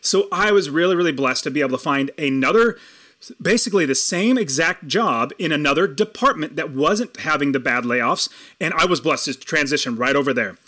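Bright-voiced man telling his story. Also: on the high side. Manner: earnest, animated storytelling, speeding up and slowing down for emphasis. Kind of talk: personal storytelling in conversation.

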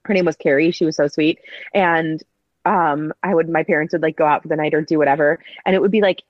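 A woman's voice: sits low, steady tone, fast talker, dry recording, highs cut off. A woman co-hosting a podcast, chatting casually in a playful, sweary way. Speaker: podcast co-host. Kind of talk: casual chat.

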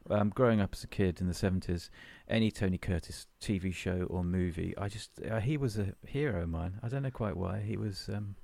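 Man in his fifties, very deep, gravelly, jokey and teasing, casual podcast chat. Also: brisk, few pauses, warm tone, no room sound. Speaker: podcast co-host. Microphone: headphones and desk mic.

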